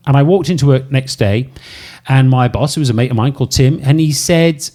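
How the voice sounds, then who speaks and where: A middle-aged Welsh man, a podcast co-host, telling a story in a lively, self-deprecating way. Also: medium pitch, a little fast. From Wales. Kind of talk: casual storytelling chat.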